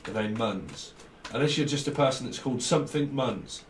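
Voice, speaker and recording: At a normal speed, a man with a lively, mid-range voice gives a casual tarot reading, moving loosely from one association to the next and chuckling often. Recorded from a distance, it sounds roomy with a faint hiss behind him.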